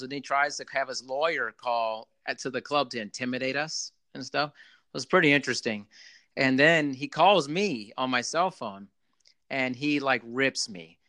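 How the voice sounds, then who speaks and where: Man, casual storyteller, bright forward tone, dry close sound, ex club manager, lively delivery. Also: mid-range voice, normal speed, no room sound. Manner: animated, repeats "you know" often. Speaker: former club general manager.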